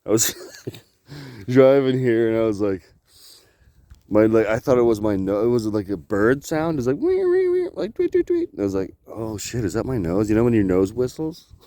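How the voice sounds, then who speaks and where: A man's voice: on the low side, normal speed, warm tone, no echo. A man from Canada rambling and swearing in a casual vlog outdoors by the water, filming on a handheld camera, laughing often. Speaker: vlogger.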